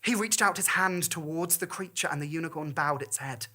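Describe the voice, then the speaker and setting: A woman's voice: low voice, fairly quick, pushed and bright. A woman performing a comic monologue, telling the story expressively.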